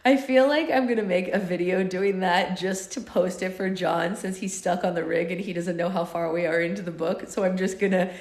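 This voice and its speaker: A woman reading a novel aloud for an online book club, breaking off into animated, giggly chat. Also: on the low side, brisk, hardly any pauses. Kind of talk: live read-aloud with chatty asides. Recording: echoey room.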